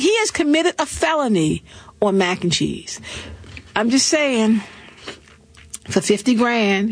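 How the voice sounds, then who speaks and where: A woman hosting a talk show, riffing through celebrity gossip with sassy, animated commentary and quick laughs. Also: fairly high pitch, husky. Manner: animated, sassy storytelling with laughs and mock voices.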